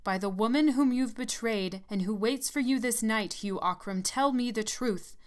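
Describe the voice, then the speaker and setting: A woman's voice: fairly low pitch, fairly even intonation, moderate pace, lightly acted. A woman voicing an ancient, stern old nurse in a storybook reading, grave and commanding. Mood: pleading. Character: ancient stern female nurse, sharp and solemn.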